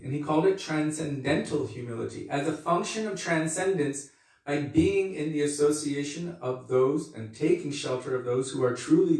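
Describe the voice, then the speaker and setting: Male spiritual teacher, measured devotional talk, repeats phrases, distant and echoey. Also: on the high side, darkish tone. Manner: earnest, unhurried, repeats phrases for emphasis. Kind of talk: devotional lecture.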